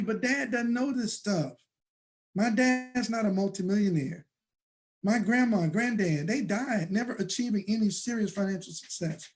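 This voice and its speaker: A man's voice: high-pitched, darkish tone. A man giving an emphatic, preachy motivational talk on a live stream from his home office desk, repeating phrases for effect. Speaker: network marketing promoter.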